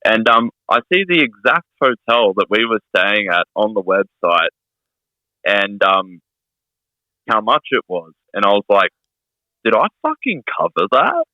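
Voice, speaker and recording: A man's voice: lowish voice, measured pace, pushed and bright, no echo, dull audio. A man, a wrestler guest telling stories in casual podcast chat, swearing often and laughing. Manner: swears a lot, laughing storyteller.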